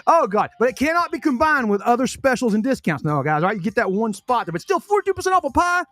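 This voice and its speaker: A man's voice: extremely high pitch, big pitch swings, fast, a bit bright. A man hosting a casual podcast, reading sponsor spots in a folksy, chatty way, often correcting himself and talking while chewing food. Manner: chatty, folksy, self-correcting salesman patter.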